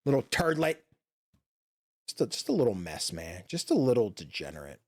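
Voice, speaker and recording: A man's voice: low voice, wildly swooping pitch, quick pace, darkish tone. A man streaming a video game from his home office, chatting casually, rambling and swearing, with lots of fillers and restarts. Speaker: gaming streamer.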